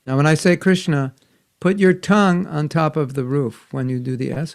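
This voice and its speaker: An older man teaching children in an online class, gentle and patient, often asking them questions. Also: fairly high pitch, fairly even intonation, moderate pace, vocal fry. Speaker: spiritual teacher. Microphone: video call.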